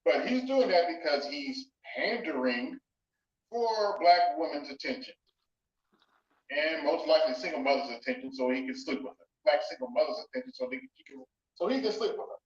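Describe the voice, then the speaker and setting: Emphatic, mocking male co-host, slightly high voice, far from mic in a roomy space. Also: expressive, moderate pace. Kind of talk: heated opinion rant. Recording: roomy, distant, dull audio.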